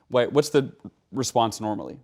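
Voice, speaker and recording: A man as a guest in an interview, speaking in an animated, conversational way, acting out quotes and often tagging his sentences with "right?". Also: normal speed. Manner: animated, acts out quotes with rising pitch; frequent "right?" tags.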